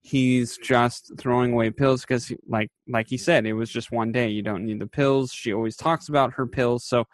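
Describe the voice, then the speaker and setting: A man's voice: mid-range voice, fairly even intonation, moderate pace, few pauses. A man in casual podcast chat, recapping a TV episode in a rambling way, with lots of fillers and quoted lines acted out. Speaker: podcast co-host.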